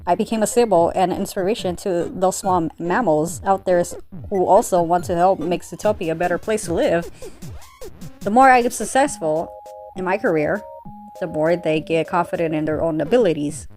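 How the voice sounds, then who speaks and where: A woman's voice: on the low side, normal speed, a little mellow, soft background music, close to an everyday voice. A woman reading as an earnest bunny cop, pleading. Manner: pleading, emotional. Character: earnest young female bunny police officer.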